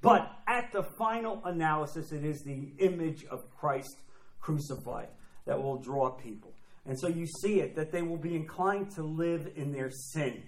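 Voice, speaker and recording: Emphatic preaching man, high voice. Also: normal speed. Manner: emphatic, repeats phrases, acts out quoted voices. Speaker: pastor. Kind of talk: sermon. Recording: echoey room.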